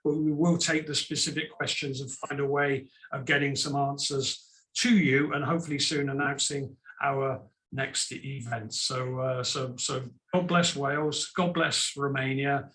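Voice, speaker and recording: A man hosting an online business panel on a video call, chatty, with quick asides and repeated words. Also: medium pitch, steady tone, sharp tone. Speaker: webinar host.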